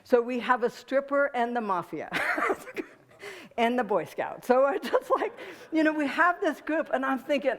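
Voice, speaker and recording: Speaking a little slowly in an animated, fairly high voice, a woman shares a personal story as a guest speaker. She talks with the audience in a conversational way and laughs frequently.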